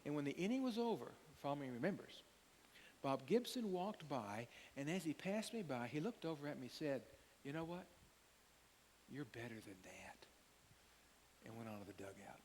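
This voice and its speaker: Older pastor with a lively, animated voice. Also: male voice, fairly high pitch, brisk. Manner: animated storyteller, acts out quotes. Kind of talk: sermon. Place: church sanctuary. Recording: long hall reverb, faint hiss.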